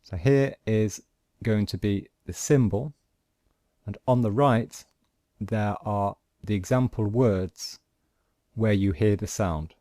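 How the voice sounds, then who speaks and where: A man teaching pronunciation, patiently explaining phonetic symbols and modelling each sound slowly. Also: lowish voice, mellow, dry recording, clean studio sound. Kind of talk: slow, deliberate lesson explaining phonetic symbols.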